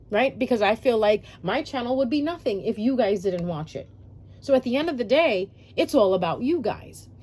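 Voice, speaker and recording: A woman's voice: a little high, darkish tone, husky. A woman vlogging spiritual advice to her subscribers, emphatic and repetitive, speaking straight to her viewers. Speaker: spiritual YouTuber.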